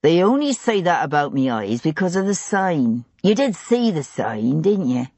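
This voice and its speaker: A woman puts on a gruff male tavern keeper in a storybook reading, a scarred ex-soldier with a West Country burr. He talks surly and clipped, taunting, with a low, husky voice. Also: very animated, normal speed, a little mellow, no room sound, heavily acted. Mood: scoffing.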